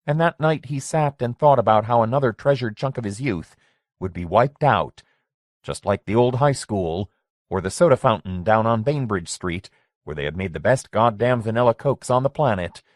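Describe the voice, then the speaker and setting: A man reading a horror story aloud in a steady, plain narrating voice, giving the characters light voicings. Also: lowish voice, dry recording, clean studio sound. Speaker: audiobook narrator. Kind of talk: scripted narration.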